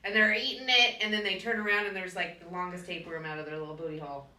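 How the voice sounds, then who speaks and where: A woman co-hosting a podcast in casual chat, playful and teasing with quick jokes. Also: fairly low pitch, fairly even intonation, sharp tone. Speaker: podcast co-host. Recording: roomy, distant mic.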